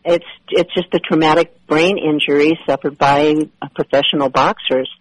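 A woman's voice: deep voice, steady tone, moderate pace, no echo, low-quality recording. A woman speaking as a guest on a radio interview, chiming in with short fond remarks. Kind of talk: casual interview.

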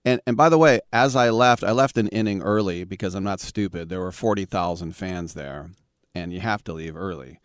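A man's voice: sits low, brisk, no room sound, studio quality. A man in his fifties from the Bay Area, hosting a sports talk radio show in a wry, rambling monologue with sarcastic asides. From San Francisco Bay Area.

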